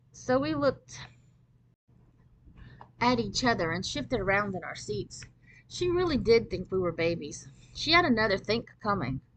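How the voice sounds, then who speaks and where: A woman's voice: mid-range voice, low-quality recording. Woman reading a children's novel aloud. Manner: steady, expressive first-person narration. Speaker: storybook reader.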